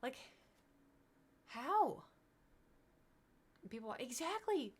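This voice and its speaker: A young woman chatting casually with viewers on a livestream, rambling and animated, slipping into mocking impressions. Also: high-pitched, drawn-out words, breathy edge. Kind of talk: casual stream chat with viewers.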